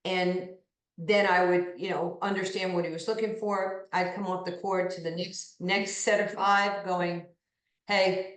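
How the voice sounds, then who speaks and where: A woman in her sixties from New York tells lively stories as an interview guest, slipping into the voices of people she quotes. Her voice sits a little low. The room around her gives it a noticeable echo. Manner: animated anecdotes, acting out quoted voices. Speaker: interview guest, basketball pioneer. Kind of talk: storytelling interview. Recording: echoey room.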